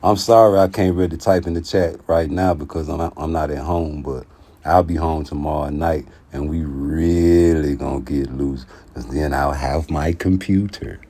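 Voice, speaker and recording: A man giving casual boxing commentary in a slangy, profane, animated way. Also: extremely low pitch, moderate pace, slightly rough.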